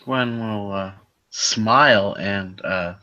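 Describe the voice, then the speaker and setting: Man, slow hesitant speech, low bright voice, dull muffled recording. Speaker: player. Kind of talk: narrating a tabletop game.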